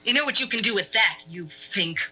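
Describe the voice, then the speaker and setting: A woman's voice: mid-range voice, expressive, brisk, pushed and bright, breathy edge, faint music behind, exaggerated voice, poor audio. An actress playing a dry, sarcastic young woman who trades wisecracks in a 1970s film drama. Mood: sardonic.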